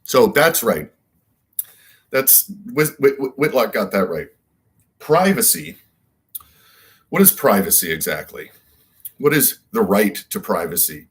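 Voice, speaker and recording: A man's voice: lowish voice, sing-song, normal speed, long pauses, a bit bright, slightly rough. A man giving a rambling solo monologue as a commentator, emphatic and repetitive and full of rhetorical questions. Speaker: political commentator.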